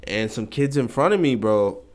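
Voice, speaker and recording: A young man co-hosting a podcast, telling a story in an animated way, full of slang and constant check-ins. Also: medium pitch, normal speed. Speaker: podcast co-host. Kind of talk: casual chat.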